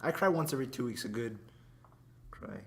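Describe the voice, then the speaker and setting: A teenage young man co-hosting a casual chat, talking in halting, hesitant bits with self-mocking laughs. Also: mid-range voice, expressive, fairly bright tone. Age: teens. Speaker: co-host.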